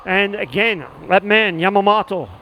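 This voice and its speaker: A man calling live play-by-play at a sports match, rapid and excitable when a score comes. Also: high voice, a little hiss or hum, rough recording. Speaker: play-by-play commentator. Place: outdoor sports venue.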